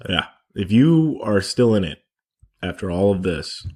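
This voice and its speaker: An easygoing man co-hosts a sports podcast, trading short reactions with his partner. His pitch moves up and down a lot as he talks. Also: big pitch swings, measured pace, darkish tone, husky. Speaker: podcast co-host. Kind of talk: casual sports chat.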